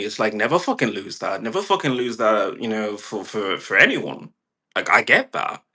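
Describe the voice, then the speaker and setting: Bright-voiced man ranting casually. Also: medium pitch, normal speed. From California. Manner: profane, rambling, animated quoted voices. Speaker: vlogger. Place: indoors at home with a puppy.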